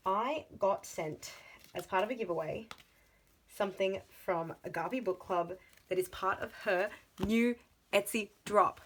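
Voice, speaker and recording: Excitable chatty woman vlogger. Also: mid-range voice, measured pace, a little hiss or hum, poor audio. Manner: excitable and chatty, with frequent gasps and exclamations. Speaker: budgeting vlogger. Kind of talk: casual vlog chat.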